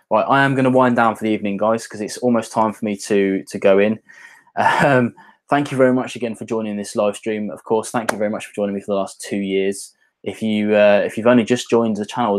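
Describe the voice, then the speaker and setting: Casting note: rambling British male host, lowish voice, relaxed livestream chat with viewers. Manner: chatty, rambling, reads viewer comments aloud. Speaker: whisky channel host.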